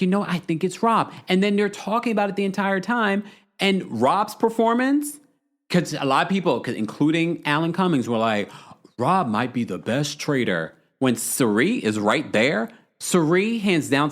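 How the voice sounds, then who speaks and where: On his livestream, a podcast host chats loosely, reads out what viewers comment, and vents in blunt, fed-up rants. He has a fairly high, animated voice and keeps a moderate pace.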